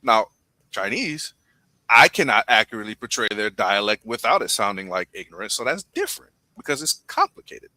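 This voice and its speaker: A man co-hosting a podcast, arguing his point in an animated way. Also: fairly low pitch, a little fast, no room sound. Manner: animated, argumentative. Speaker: podcast co-host. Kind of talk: casual chat.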